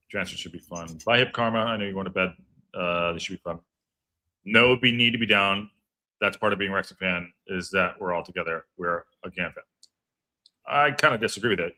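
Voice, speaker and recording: Male host, low-ish and bright, casual live-stream chatter, reads out chat. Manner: chatty, loose, reads out viewer messages. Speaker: podcast host reading viewer chat.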